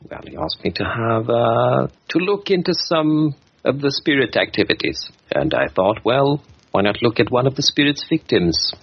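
Man voicing a quirky dwarf mystic, formal and wordy, husky voice, lively pitch, muffled lo-fi sound. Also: normal speed, full character voice. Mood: explaining. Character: odd, polite male dwarf mystic, well-travelled.

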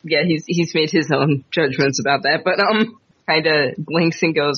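Player, male, casual and quick, husky, dry lo-fi recording. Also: on the high side, fairly bright tone, no room sound. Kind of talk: playing a tabletop game.

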